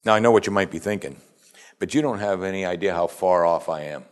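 A man's voice: deep voice, fast. A man preaching a sermon as pastor, building to emphatic call-and-response and acting out quoted voices.

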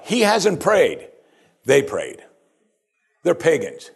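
A man preaching a sermon, animated, swinging between loud exclamations and quiet asides. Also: fairly high pitch, slow pace, vocal fry, long pauses, husky. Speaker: pastor.

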